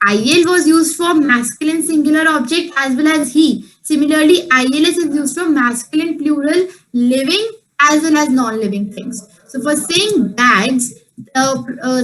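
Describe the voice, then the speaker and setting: A woman teaches a beginner French lesson in a high voice. She is patient and repeats each point slowly so it sinks in. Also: rough recording. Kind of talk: online class instruction.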